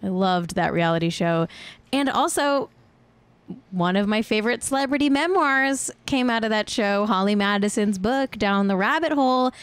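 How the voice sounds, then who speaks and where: A woman's voice: medium pitch, smooth, no room sound. A woman in her thirties from California hosting a casual celebrity gossip chat, joking and laughing often. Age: 30s. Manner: chatty, jokey, laughs often. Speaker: podcast host.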